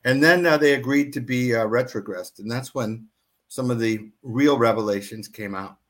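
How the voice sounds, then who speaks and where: A man who writes books, earnestly telling a story as an interview guest and pausing often to find his words. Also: mid-range voice.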